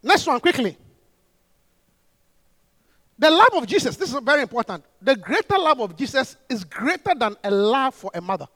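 A man delivers an animated sermon, often laughing and breaking into shouts. His voice sits very high and swings up and down in pitch. The sound is close and dry. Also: normal speed, pauses often, no room sound. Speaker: preacher.

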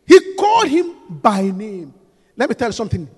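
A man preaching a sermon, emphatic and repetitive, swinging between hushed lines and shouts. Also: high-pitched, wildly swooping pitch, normal speed, slightly rough, in a large hall.

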